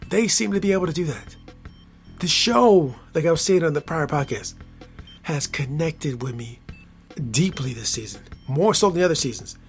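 A man hosting his own podcast, talking casually in a rambling, repetitive, playful way that swings from hushed to excited. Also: high voice, vocal fry. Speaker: podcast host. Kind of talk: casual solo podcast monologue.

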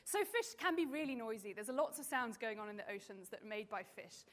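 A woman marine biologist giving a lively, playful presentation to a live audience with children, chatty and full of ums. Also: a little high, brisk. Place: stage in front of an audience.

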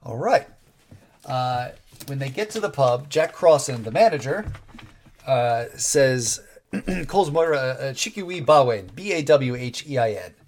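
A man's voice: medium pitch, expressive, measured pace. A man co-hosting a podcast in casual chat, rambling with wry asides and frequent restarts. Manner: rambling, wry, self-interrupting. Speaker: podcast co-host.

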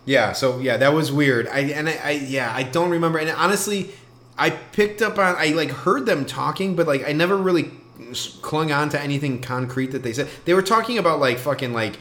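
A man's voice: fairly high pitch, a little fast, fairly bright tone. A man co-hosting a podcast, chatting casually in a rambling, profane, self-interrupting way. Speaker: podcast co-host. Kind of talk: casual chat.

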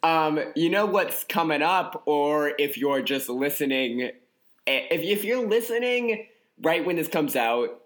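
A man's voice: on the high side, lively intonation, fairly bright tone. A man co-hosting a podcast in a casual comedic chat, playful and goofy, riffing and stretching words out. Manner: playful, goofy, drawn-out riffs. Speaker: podcast co-host.

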